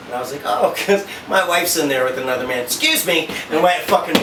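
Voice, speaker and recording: A slightly high-voiced man tells a rambling story, swearing often and jumping into the voices of the people in it. He sounds far from the mic, and the room around him rings with echo. A faint hiss sits under everything. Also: a little fast. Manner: animated, profane, acts out quoted dialogue. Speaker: father and husband. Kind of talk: casual storytelling. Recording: roomy echo, distant mic, faint noise.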